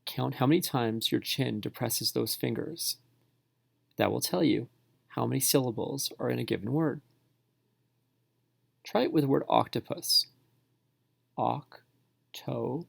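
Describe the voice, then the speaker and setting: With a medium-pitched voice full of gravelly fry, a man calmly narrates a spelling tutorial, separating words into syllables slowly and clearly. The sound is close and dry, with no echo.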